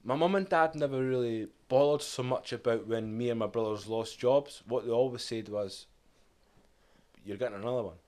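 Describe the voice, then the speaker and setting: A man's voice: mid-range voice, moderate pace, a little mellow. A Scottish man in his thirties, a podcast guest telling his life story in a candid, reflective way. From Scotland. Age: 30s. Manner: candid, reflective, quotes his past self and family. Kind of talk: casual storytelling interview.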